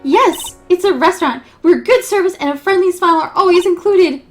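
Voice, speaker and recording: A woman's voice: extremely high pitch, brisk. A woman voicing a cheerful, unlucky young ex-policewoman who speaks politely and adds "sir". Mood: chirpy. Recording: game music behind voice.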